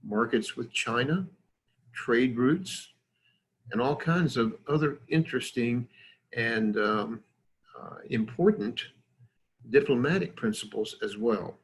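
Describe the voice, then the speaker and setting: A man's voice: mid-range voice, takes it slowly, slightly rough. A man giving a conversational lecture with slides, digressive, with many fillers and self-deprecating asides.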